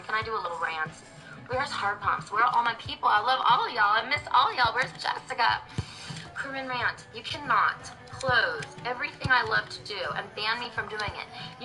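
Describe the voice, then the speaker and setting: A woman's voice: mid-range voice, low-quality recording. A woman livestreaming, going on a dramatic, scattered rant as she talks to her viewers.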